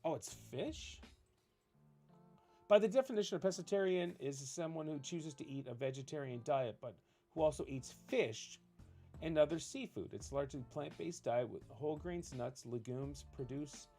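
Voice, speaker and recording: A man's voice: a little high, normal speed, dark tone, soft background music. A man streaming a game, chatting casually with his viewers, enthusiastic and rambling, reading their questions aloud. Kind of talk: casual chat with live viewers while gaming.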